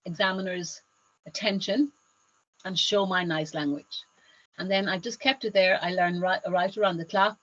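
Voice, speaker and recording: A woman's voice: medium pitch, highs cut off. Upbeat woman teaching German. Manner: upbeat, switching between German and English. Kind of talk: online exam-prep lesson.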